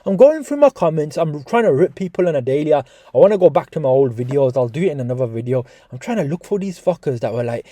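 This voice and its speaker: A man's voice: fairly high pitch, quick pace, hardly any pauses, no echo. A man giving casual, swearing boxing reaction commentary to his viewers. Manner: swearing, animated, talks to viewers as guys. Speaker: boxing YouTuber.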